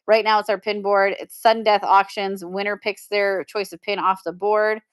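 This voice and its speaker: A woman's voice: medium pitch, little pitch movement, moderate pace, smooth. A woman hosting a live-stream pin auction, chatting casually and upbeat with viewers and laughing often. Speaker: live shopping seller.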